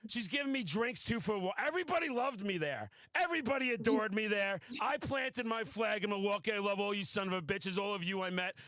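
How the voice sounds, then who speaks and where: A man hosting a podcast, telling a wild story in a casual, excitable, boastful way and swearing freely. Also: sits high, quick pace, few pauses, no room sound. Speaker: podcast host. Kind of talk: casual chat.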